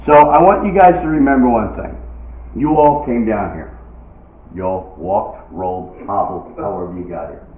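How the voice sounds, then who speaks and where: A man's voice: on the low side, moderate pace. A middle-aged man performing a stand-up comedy set, telling jokes in a punchy way and acting out the voices in them. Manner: punchy joke delivery, acting out quoted voices. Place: outdoor stage with live crowd. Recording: echoey lo-fi phone-like recording of a live show.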